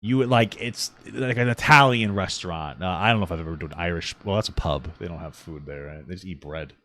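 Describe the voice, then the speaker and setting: A man's voice: low-pitched, a little fast. A man co-hosting a podcast, chatting casually and sarcastically while reacting to a clip. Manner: animated, sarcastic, joking. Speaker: podcast co-host.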